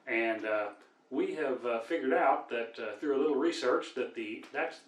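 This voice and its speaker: An older man with a Midwestern accent spins folksy tall tales in a dry, deadpan delivery. His voice sits at an average pitch. He is recorded from a distance in an echoey room. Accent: American Midwest. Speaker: storyteller and cowboy singer. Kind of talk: folksy joke telling.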